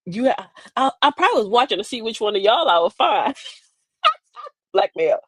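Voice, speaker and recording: Animated older woman, laughing and sassy. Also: fairly high pitch, moderate pace, pauses often, husky, no echo. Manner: animated, laughing, sassy Southern-style asides. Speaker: host. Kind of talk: comic storytelling monologue.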